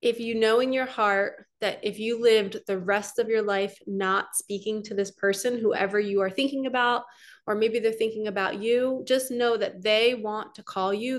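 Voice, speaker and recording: A woman in a middle-pitched voice talks viewers through an oracle card reading. She is earnest and chatty, and she wanders a bit as she speaks straight to the audience. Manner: earnest, chatty and rambling, addressing viewers directly. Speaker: spiritual coach doing card readings.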